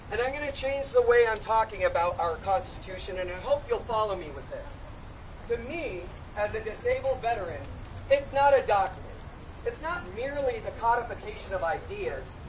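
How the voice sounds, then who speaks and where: A woman running for office giving an impassioned rally speech outdoors at a protest, recorded from a distance. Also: on the high side. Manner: impassioned, builds to shouted call-and-response. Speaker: congressional candidate speaking at a protest. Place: outdoors on steps at a street protest. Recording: distant street recording with crowd noise.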